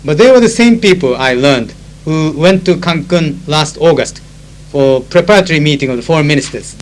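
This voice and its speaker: A conference interpreter with a Japanese accent records a spoken diary in a slightly high voice with lively intonation, talking a little fast. He recounts anecdotes with plenty of fillers and explains phrases in Japanese. The audio is poor, on old tape with a faint hum.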